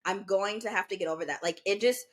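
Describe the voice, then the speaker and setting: Talking fast in a mid-range voice, this podcast co-host in her twenties tells stories animatedly during a casual conversation. She slips into the voices of the people she quotes.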